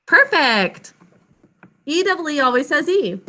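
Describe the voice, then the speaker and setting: A woman teacher leading an online spelling lesson, sounding out words slowly and clearly, syllable by syllable, on a video call. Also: high-pitched, very animated, sharp tone.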